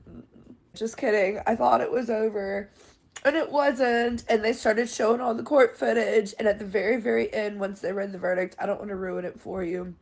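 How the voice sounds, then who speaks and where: A woman's voice: medium pitch, vocal fry, darkish tone. A woman reviewing a documentary in a social video, exclaiming and gushing. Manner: effusive, exclaiming.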